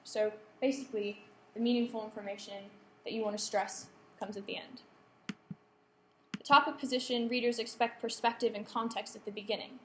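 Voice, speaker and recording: A woman's voice: fairly high pitch, fairly even intonation, fairly quick, a bit bright. A woman giving a lecture to students, often checking in with the room and polling the audience. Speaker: workshop presenter. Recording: echoey room, faint background hum.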